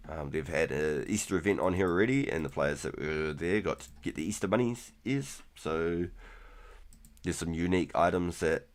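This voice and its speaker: A man in his thirties casually chatting through a live game stream, relaxed and rambling, with keyboard clicks behind him. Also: deep voice, moderate pace. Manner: relaxed, rambling, repeats words. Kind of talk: casual gameplay commentary.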